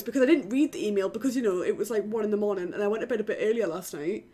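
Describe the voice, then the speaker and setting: A young woman from the UK, live-streaming a game from her flat, chatting casually with her viewers and swearing offhandedly. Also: mid-range voice, very fast, hardly any pauses, soft background music. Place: home in a flat.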